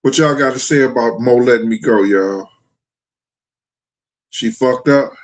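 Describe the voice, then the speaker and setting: A man's voice: mid-range voice, a little slow, poor audio. A middle-aged man hosting a livestream and talking frankly and profanely to his chat. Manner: blunt, profane storytelling. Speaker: livestream host. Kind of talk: casual livestream talk to chat.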